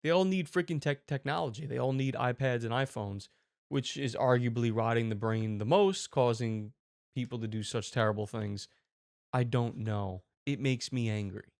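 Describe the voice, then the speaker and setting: A man's voice: mid-range voice, dry recording, clean studio sound. A man in his twenties hosting a commentary show, ranting angrily and sarcastically with lots of swearing. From United States. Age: 20s. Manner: angry, profane, sarcastic.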